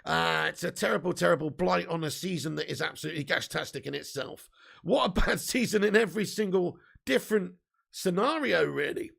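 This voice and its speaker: High gravelly bloke doing a live fan stream, sweary and excitable. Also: male voice, a little fast. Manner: excitable, swearing, banter with viewers. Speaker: football fan channel host. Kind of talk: live-stream chat reading super chats.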